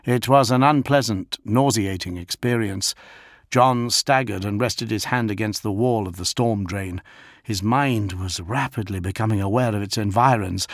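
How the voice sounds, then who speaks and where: A man narrates an audiobook in a steady, even storytelling manner, as scripted narration. His voice is on the low side, and the dry recording has clean studio sound.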